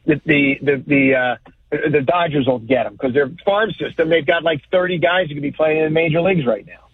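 Blunt, animated male sports guest on a phone line, slightly husky. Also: on the high side, a little fast, no room sound. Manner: blunt, animated, mocking impressions. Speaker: guest commentator. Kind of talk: sports talk.

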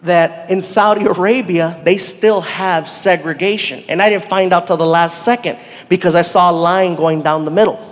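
A male stand-up comedian telling a story live on a theater stage, animated, shouting punchlines and laughing along. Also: high voice, normal speed. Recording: live hall with crowd noise.

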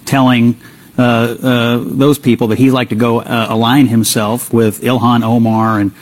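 A man as a guest commentator, making a forceful, indignant political argument. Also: medium pitch, flat delivery, a little slow, rough recording.

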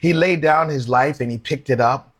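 A man's voice: medium pitch, moderate pace, husky. A man preaching a sermon. He reads Bible verses aloud and asks his listeners questions. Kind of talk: sermon with scripture reading.

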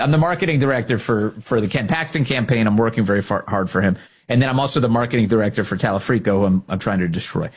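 A middle-aged man hosting a talk radio show, delivering mocking, sarcastic political commentary in an animated way. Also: mid-range voice, breathy edge.

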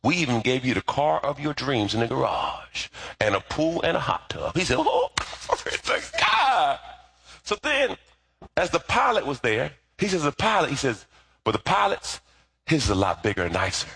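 A middle-aged man preaching a sermon, animated and calling on the congregation to repeat after him. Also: medium pitch, brisk, vocal fry, slightly rough. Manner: lively, animated preaching with call-and-response. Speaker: pastor.

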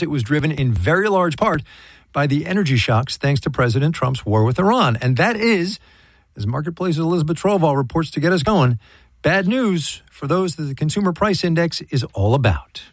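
A man's voice: on the high side, animated, moderate pace, no room sound. A man hosting a radio news program, presenting in a wry, conversational way with playful emphasis. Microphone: studio mic.

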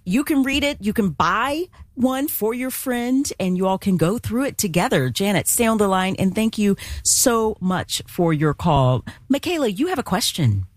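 A woman's voice: mid-range voice, animated, moderate pace, hardly any pauses, no room sound. Woman radio host giving pastoral encouragement. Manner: warm affirmations, pastoral encouragement. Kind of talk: Christian call-in radio hosting.

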